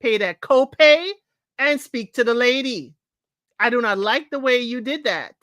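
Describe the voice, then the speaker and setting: A woman's voice: on the high side, unhurried, no room sound. Exasperated woman host reading online posts. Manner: animated, exasperated, talks straight to listeners. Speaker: advice show host.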